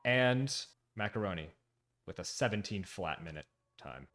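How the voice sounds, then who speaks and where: A man casting a speedrun tournament stream, relaxed and hedging as he sums up a match. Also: lowish voice, normal speed. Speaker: tournament caster. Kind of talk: esports commentary.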